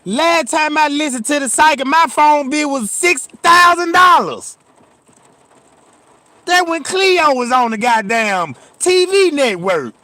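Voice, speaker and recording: Man, very high voice, reaction commentary, profane, keeps addressing viewers, dry close sound. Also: animated, slow pace, bright, forceful tone, no room sound.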